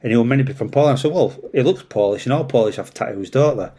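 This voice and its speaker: A man with a Yorkshire accent, a traffic police officer telling a story in casual chat, animated and swearing freely. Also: mid-range voice, rapid-fire. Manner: animated, swears freely, acts out voices in anecdotes.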